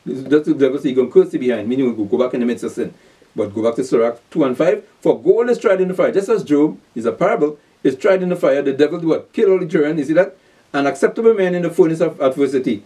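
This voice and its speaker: A man preaching a scripture lesson, animated and repeating rhetorical questions to his listeners. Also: a little high, fast talker, far from the mic. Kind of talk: scripture teaching.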